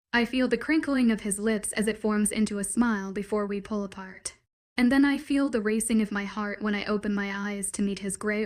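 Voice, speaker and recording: A woman narrating a first-person romance story in a steady, soft-spoken way. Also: medium pitch.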